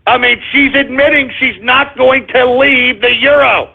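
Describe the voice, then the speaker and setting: A man's voice: very high voice, measured pace, gravelly, breathy edge. A male talk radio host ranting about politics in a profane, sarcastic, combative way. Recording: phone-like lo-fi radio audio.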